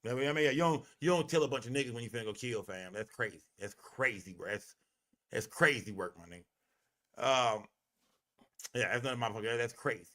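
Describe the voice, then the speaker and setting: A man's voice: mid-range voice, brisk, a bit bright. A man hosting a livestream, talking in a heated, profane and emphatic way, often repeating himself. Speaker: livestream host.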